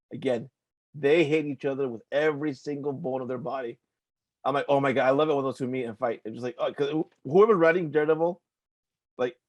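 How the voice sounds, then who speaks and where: A young adult man co-hosts a laid-back comics podcast, his medium-pitched voice recorded dry. He rambles through loose chat full of filler words, with the occasional swear.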